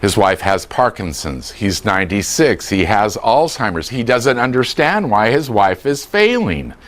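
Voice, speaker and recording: A man's voice: lowish voice, unhurried. A man teaching a dementia care class to a room of people, acting out quoted dialogue as he explains. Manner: animated, acts out quoted dialogue. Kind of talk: lively training lecture. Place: room with a live audience.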